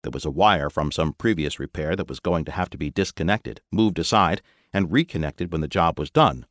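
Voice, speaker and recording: Deep-voiced man narrating an audiobook. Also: a little fast, no room sound, clean studio sound. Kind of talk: scripted narration.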